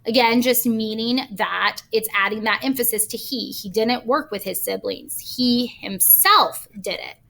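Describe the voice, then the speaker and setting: A woman's voice: a little high, moderate pace, gravelly, few pauses, a bit bright. A woman teacher recording a grammar lesson, patiently explaining with examples step by step.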